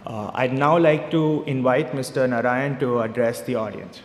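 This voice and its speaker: A man's voice: medium pitch, moderate pace. A man moderating an event, formally reading out an introduction. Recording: echoey hall, faint noise.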